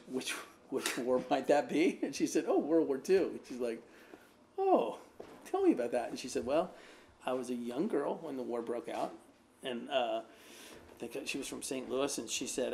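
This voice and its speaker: A man's voice: mid-range voice, gravelly, darkish tone, a little hiss or hum. A man, an American pastor, telling a rambling personal anecdote in a casual way, with lots of fillers. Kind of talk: casual storytelling.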